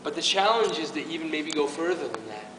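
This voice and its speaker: A man's voice: fairly high pitch, expressive, brisk, background noise. A man giving an informal faith talk to a youth group at his parish, earnest and emotional, with many restarts. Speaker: parish youth ministry speaker. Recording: echoey hall from far off.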